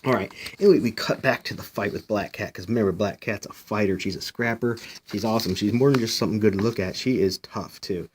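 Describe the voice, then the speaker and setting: Brief: lower-pitched male comic reviewer, loose and chatty, full of "you know"s, talks straight to his viewers. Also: fast, slight background noise. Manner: asks viewers questions directly. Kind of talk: casual review commentary.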